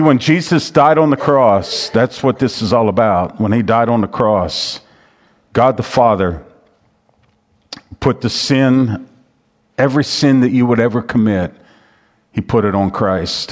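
A man's voice: on the low side, a little slow. Pastor, male, conversational sermon with read scripture and repeated points, long reverb of a big hall. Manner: conversational preaching, reads scripture aloud, repeats phrases. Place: church sanctuary.

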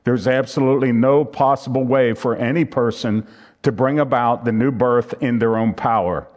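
A man's voice: mid-range voice, fairly even intonation, moderate pace, a little mellow, muffled recording. Man preaching an emphatic sermon. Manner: emphatic, repetitive preaching with scripture reading. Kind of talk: sermon teaching from a handout.

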